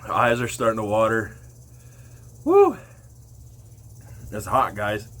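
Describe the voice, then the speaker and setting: Vlogging casually to the camera, a man talks slowly while his mouth burns, his eyes water and his nose runs, breaking into loud whoops now and then. His voice is on the low side with little pitch movement.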